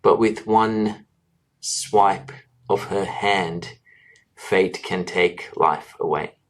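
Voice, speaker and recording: This guest is a male doctor in his thirties whose voice is very deep. Answering at length in an interview, he talks sincerely about his life, often hesitating with fillers and beginning sentences again.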